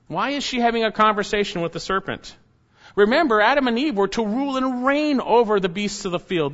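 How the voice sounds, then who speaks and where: A man's voice: sits high, a bit bright. A male pastor preaching an expository sermon, stressing key words with sudden rises. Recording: dull lo-fi recording.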